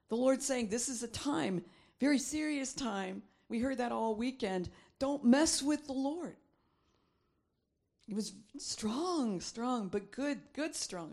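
A middle-aged woman preaching a sermon in a fairly high voice. She reads scripture aloud and drives points home by repeating phrases with emphasis. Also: animated, takes it slowly, darkish tone.

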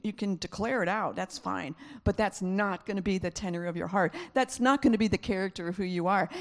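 Brief: woman preacher, mid-pitched, chatty sermon delivery with playful asides. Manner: conversational, acts out voices, laughing asides.

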